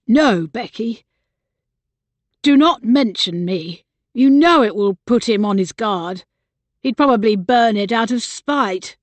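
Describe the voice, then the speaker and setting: A woman's voice: fairly high pitch, lively intonation, slow, dry recording. A woman narrator voicing a bitter, agitated young man who raises his voice and insists on getting his way. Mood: insistent. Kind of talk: audiobook character voice.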